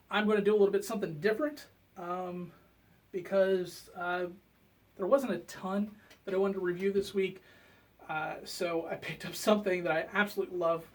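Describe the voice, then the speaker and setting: A man giving a casual comic book review, relaxed and full of fillers. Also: high voice, recorded from a distance. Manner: relaxed, hesitant with many fillers.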